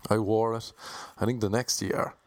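Irish comic in his thirties, Cork accent, lowish voice, deadpan monotone storytelling. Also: moderate pace, no echo. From Ireland. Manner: self-described monotone, wry and self-mocking. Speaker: comedian and DJ. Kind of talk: storytelling monologue.

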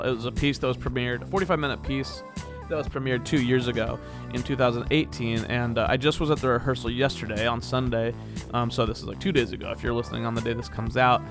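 A man hosting a podcast, talking casually and rambling cheerfully through announcements, with laughs and playful jumps in pitch. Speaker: podcast host. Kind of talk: casual podcast intro monologue.

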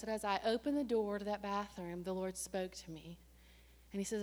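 A woman preaching a sermon and telling a personal story in a lively, conversational way, with sudden surges in pitch and loudness. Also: normal speed. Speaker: church staff member and preacher. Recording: long hall reverb.

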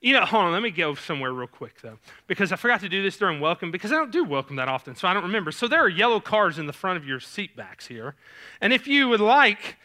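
A man's voice: sits high, very animated, fast, pushed and bright. A man with a Southern US accent, a youth pastor preaching a sermon in a casual, conversational way with many fillers. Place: church sanctuary stage.

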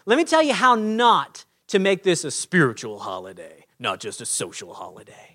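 A man preaching a sermon as a pastor, in a conversational, animated way, acting out little scenes. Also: fairly high pitch, normal speed.

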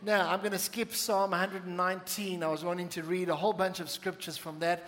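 A man preaching a sermon to a church congregation, with playful asides and slowed-down emphasis on key lines. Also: high voice, flat delivery, fairly bright tone, long reverb tail. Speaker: pastor. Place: church sanctuary.

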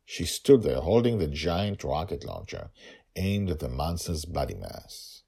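Man, storyteller, very low voice, animated intonation, reflective. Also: a little slow, creaky, slightly rough. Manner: reflective, emotional.

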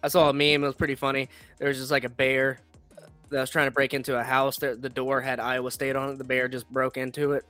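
A man's voice: medium pitch, flat delivery, fast talker, sharp tone, faint music behind. A young man hosting a casual sports podcast, talking in a blunt, profane, rambling way. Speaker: podcast host.

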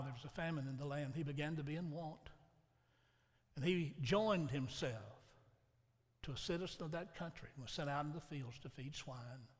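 A man preaching a sermon, telling a folksy, dramatic story and acting out the quotes himself. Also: fairly high pitch. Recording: long hall reverb.

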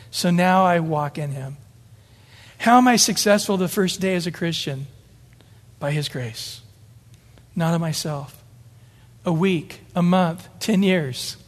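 A man preaching from the pulpit in a fairly high voice, earnest and emphatic. He stacks up repeated phrases to drive his points home. His words ring out with a long reverb, as in a big church hall. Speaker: pastor. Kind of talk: sermon.

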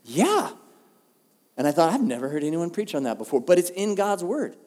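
A male pastor, preaching a sermon in a relaxed, conversational, humorous way. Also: on the high side, quick pace. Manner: conversational, humorous, animated storytelling. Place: church auditorium. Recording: long hall reverb.

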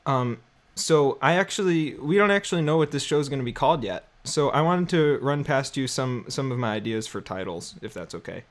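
A man's voice: mid-range voice, animated, fairly quick. A man co-hosting a comedy podcast, chatting in a loose, rambling way. He restarts his sentences often and keeps a playful, joking tone with his co-host. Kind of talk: casual comedic chat.

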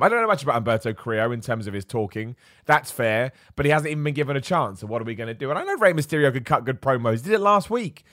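A man hosting a live wrestling show, talking casually, animated, laughing often and repeating himself. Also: medium pitch, no echo, clean studio sound. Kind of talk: casual live-stream commentary.

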